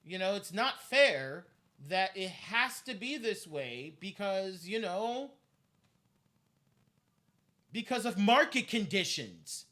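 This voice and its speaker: A man's voice: high voice, big pitch swings, slow pace, pushed and bright. Heated, profane man ranting. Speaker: streamer. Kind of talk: ranting live stream monologue.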